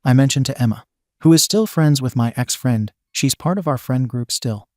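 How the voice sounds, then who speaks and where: A man giving scripted narration of an online post, in a steady reading that spells abbreviations out letter by letter. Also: medium pitch, normal speed, no room sound, clean studio sound. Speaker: story narrator.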